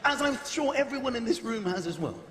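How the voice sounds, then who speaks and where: Animated high-voiced stand-up comic. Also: male voice, brisk. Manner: animated, acts out characters, mimics voices, shouts punchlines. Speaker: stand-up comedian. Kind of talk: stand-up comedy routine. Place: large theatre stage with audience. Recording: roomy live theatre recording with audience. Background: audience laughter.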